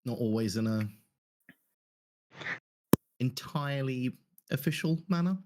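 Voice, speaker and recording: A man's voice: mid-range voice, measured pace, a little mellow. A man playing a tabletop game, describing his character in a wry, hesitant way with a few laughs. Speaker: player.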